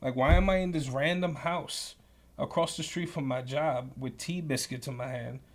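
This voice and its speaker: A young man telling profane, animated work stories as a podcast co-host. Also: mid-range voice, moderate pace. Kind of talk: casual storytelling.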